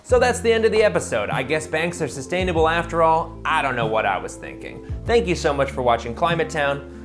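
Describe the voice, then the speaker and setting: A man's voice: fairly high pitch, expressive, a little fast, over music. A man hosting a comedic explainer video, delivering narration with sarcastic, jokey, mock-indignant asides. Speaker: host.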